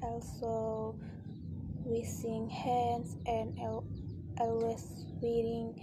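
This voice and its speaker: A woman gives a halting class presentation, reading word lists and stumbling over words. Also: a little high, monotone, very noisy. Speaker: student presenter.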